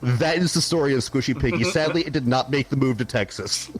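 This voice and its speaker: A young man co-hosting a podcast, telling a story in a casual, animated way, laughing often and swearing freely. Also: mid-range voice, a little fast. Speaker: podcast co-host.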